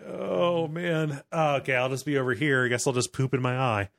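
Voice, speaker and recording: A man's voice: medium pitch, normal speed, creaky, a bit bright, no echo, studio quality. An American man co-hosting a podcast in casual chat, often restarting his sentences. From United States. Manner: hesitant, stammering restarts. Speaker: podcast co-host.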